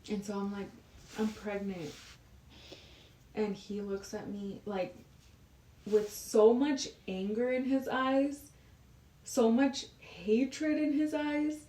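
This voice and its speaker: A woman's voice: on the high side, steady tone, slow pace, warm tone, a little hiss or hum. Chatty young woman in an echoey room. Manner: chatty, frequent "like" fillers. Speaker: podcast guest. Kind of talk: casual personal storytelling. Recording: roomy echo, distant from the mic.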